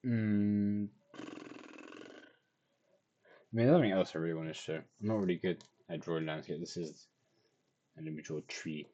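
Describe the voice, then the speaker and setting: A tired young vlogger talks through his drawing in a casual video diary, rambling and poking fun at himself. His voice sits low and warm at a normal speed with frequent pauses, and the high frequencies are cut off.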